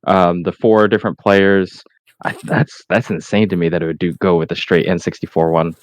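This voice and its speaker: Low-voiced podcast co-host. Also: male voice, steady tone, normal speed, dry recording. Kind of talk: casual podcast chat.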